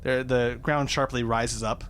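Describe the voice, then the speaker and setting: A man's voice: medium pitch, little pitch movement, unhurried, fairly bright tone, a little hiss or hum. A man narrating a tabletop game as dungeon master, in a loose, rambling way.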